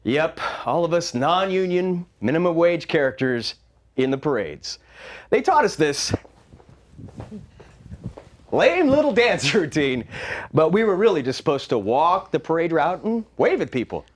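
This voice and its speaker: A man performing a wry, animated comic monologue as a solo storyteller. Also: a little high, unhurried, a little hiss or hum.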